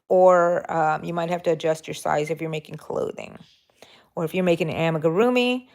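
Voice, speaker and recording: A woman's voice: deep voice, gravelly, a little mellow. A woman hosting a live crochet stream, chatting casually and thinking aloud as she works. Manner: rambling, thinking aloud with fillers. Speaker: crochet channel host.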